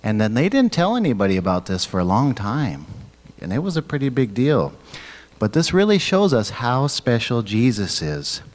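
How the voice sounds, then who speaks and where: A man leading a church children's message, gently asking the kids questions and waiting for their answers. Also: medium pitch, wildly swooping pitch, normal speed. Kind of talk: children's sermon.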